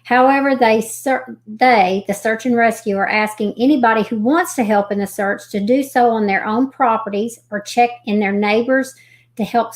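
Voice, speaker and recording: A woman hosting a live stream, reading missing persons reports aloud haltingly, with folksy chatty asides. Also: fairly high pitch. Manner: reads haltingly, stumbling over names and restarting.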